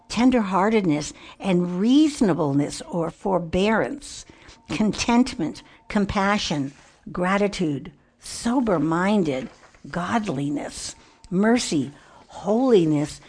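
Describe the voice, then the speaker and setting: A woman's voice: mid-range voice, a little mellow, breathy edge. An older woman giving a devotional talk in an earnest, reflective way. She sometimes drops to a near whisper. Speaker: Christian speaker.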